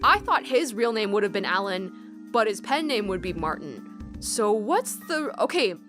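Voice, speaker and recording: A woman giving casual, excitable commentary as she plays a game, chatting and thinking aloud. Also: mid-range voice, measured pace, over music. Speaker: let's play commentator.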